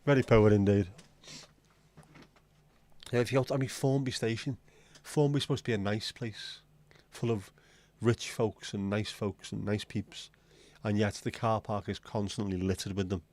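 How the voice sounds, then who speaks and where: A man's voice: on the low side, fairly even intonation, normal speed, few pauses, darkish tone. A man hosting a livestream, chatting casually and rambling from one joke to the next as he addresses his viewers. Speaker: livestream host.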